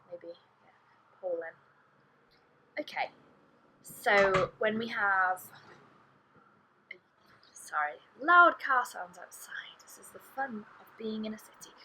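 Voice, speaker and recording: A woman teaching a language lesson online, slowly saying and repeating each sound for learners, recorded indoors in a city. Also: mid-range voice, a bit bright, low-quality recording. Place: indoor room in a city, street traffic outside.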